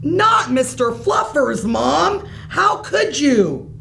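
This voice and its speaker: A woman's voice: high-pitched, big pitch swings, measured pace, a little hiss or hum, voice pushed up, exaggerated voice. A woman doing a dramatic little boy. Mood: whiny dramatic. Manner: whiny, dramatic, pleading. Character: young boy, dramatic and stubborn.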